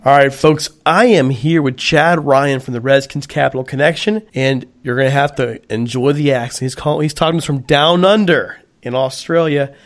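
A man hosting a sports podcast, talking briskly and hurrying along. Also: mid-range voice, steady tone. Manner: brisk, hurried. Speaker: podcast host. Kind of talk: sports podcast talk and ad read.

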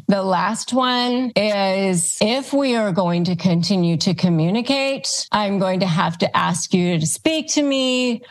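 A woman hosting an advice show, calmly teaching phrases and acting them out as examples. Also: medium pitch, creaky. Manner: calm, instructive, demonstrates phrases aloud. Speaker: host. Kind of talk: advice talk to camera.

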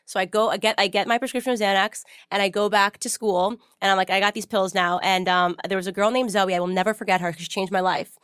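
A woman hosting a podcast, telling a personal story in casual, animated interview chat with many fillers. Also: mid-range voice, quick pace, few pauses, clear, resonant tone, no echo, studio quality. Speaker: podcast host.

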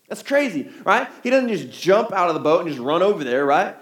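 A man's voice: high voice, very animated, fairly quick, few pauses. Guy preaching a sermon, chatty, keeps asking right?, echoey church hall. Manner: conversational, asks the crowd rhetorical questions. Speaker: pastor.

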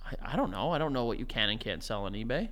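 A man's voice: medium pitch, expressive, fast, fairly bright tone. A man co-hosting a podcast in casual chat, rambling and hesitant, filling his sentences with "like". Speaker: podcast co-host.

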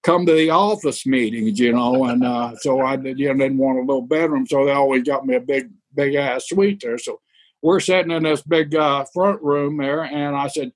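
A man's voice: mid-range voice, normal speed, no echo. Profane, rambling male storyteller, dry sound. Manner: rambling, profane, laughs while telling. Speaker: former wrestling tour manager. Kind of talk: anecdotal storytelling.

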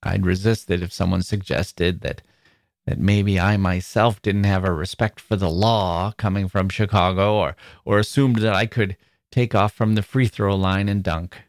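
A man's voice: low-pitched, steady tone, moderate pace, no room sound, studio quality. Thoughtful man musing on a podcast. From Wisconsin, USA. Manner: thoughtful, wry, with small self-corrections. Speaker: podcast host. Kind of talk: reflective spoken essay.

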